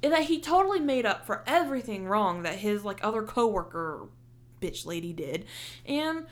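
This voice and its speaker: A young woman telling a story in casual chat, animated and heated, swearing often and filling with "like". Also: mid-range voice, moderate pace. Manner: heated, animated retelling with heavy swearing and many "like" fillers.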